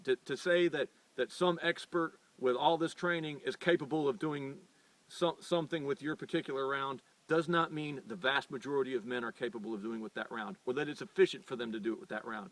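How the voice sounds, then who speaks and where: A man's voice: medium pitch, a little fast, fairly bright tone, no room sound. A middle-aged American man hosting a firearms channel, talking off the cuff in an earnest, insistent way and tripping over repeated words. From United States. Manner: rambling, with frequent stumbles and repeated words; earnest and insistent when arguing. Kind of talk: unscripted opinion monologue. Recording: voice picked up from a distance.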